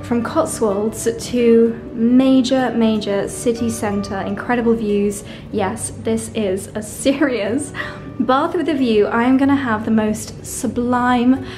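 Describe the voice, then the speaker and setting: Gushing woman on a hotel tour. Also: fairly high pitch. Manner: gushing, breathless with delight, repeats exclamations. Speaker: fashion and lifestyle vlogger. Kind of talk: excited hotel room tour vlog. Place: luxury hotel room high in a tower. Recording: music playing under the voice.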